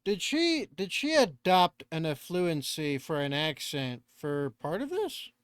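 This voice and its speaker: A man's voice: fairly high pitch, sing-song, a little slow, clear, resonant tone, no room sound, studio quality. A man with a Southern American accent picked up over the years, hosting a reaction channel in a rambling, self-deprecating way and swearing casually. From Northern California.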